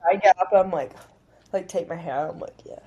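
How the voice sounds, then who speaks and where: A woman's voice: fairly low pitch, moderate pace, muffled recording, crowd noise. A young woman co-hosting a podcast, chatting in a bubbly way and acting out her own reactions. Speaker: podcast co-host. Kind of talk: casual chat.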